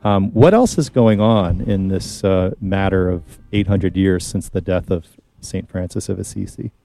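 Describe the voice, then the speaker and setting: A man hosting a Catholic radio talk show, relaxed and using frequent fillers. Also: low voice, a little slow, creaky, faint music behind. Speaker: host. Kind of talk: conversational Catholic radio chat.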